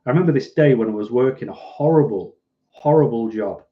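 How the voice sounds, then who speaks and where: A man's voice: medium pitch, expressive, a little fast, muffled recording. A man with a Mancunian accent, hosting a casual livestream and answering viewer comments in a dry, self-deprecating way. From Manchester, England. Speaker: livestream host.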